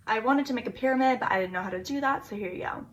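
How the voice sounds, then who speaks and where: A woman's voice: a little high, racing, a little hiss or hum. A woman recapping her dating life in a casual vlog, chatty and flippant, poking fun at herself. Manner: chatty, flippant, self-mocking.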